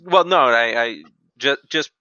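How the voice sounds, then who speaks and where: A man's voice: mid-range voice, lively intonation, measured pace, bright, forceful tone, dry recording. A man on a podcast panel, explaining game rules in casual chat. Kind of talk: casual tabletop wargame chat. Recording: dull lo-fi mic.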